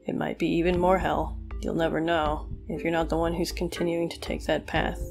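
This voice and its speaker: A woman's voice: sits low, level tone, a little fast, gravelly, darkish tone, faint music behind. A woman reading the lines of a weary one-legged male war veteran in a plain, reflective way.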